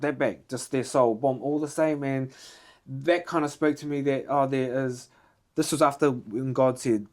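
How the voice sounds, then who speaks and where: A man hosting a casual podcast chat, retelling experiences animatedly with punchy "boom" beats. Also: fairly even intonation, moderate pace, darkish tone.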